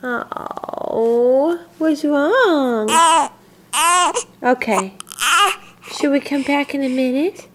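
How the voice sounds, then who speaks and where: A mother filming her newborn at home and talking to her in gentle, sing-song baby talk. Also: high-pitched, very slow, long pauses, noisy background. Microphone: handheld camcorder.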